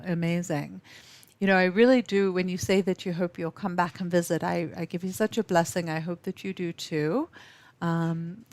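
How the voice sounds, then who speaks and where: Woman, from South Africa, webinar host, warm and effusive, frequent ums and restarts, slightly low voice, dry close sound. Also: no echo. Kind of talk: live webinar talk to viewers. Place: office.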